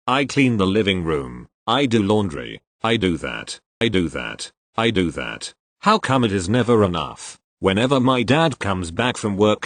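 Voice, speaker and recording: Reading posts straight through, one after the other, this man ends each with "thank you, next." His voice is fairly low in pitch yet a bit bright, and the recording is dry.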